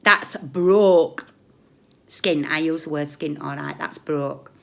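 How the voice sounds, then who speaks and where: A British woman with a fairly low voice rants on a live stream, scolding someone directly. She is blunt and sarcastic and swings between raised outbursts and muttered asides. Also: level tone, a little slow, creaky, fairly bright tone. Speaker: YouTube commentator. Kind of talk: ranting live-stream commentary.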